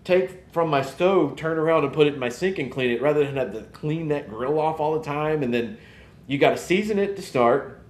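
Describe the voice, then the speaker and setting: A man's voice: on the high side, fairly quick. Rambling chatty man in an echoey room. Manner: rambling, animated, swears casually. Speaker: podcast host. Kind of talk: casual live-stream chat.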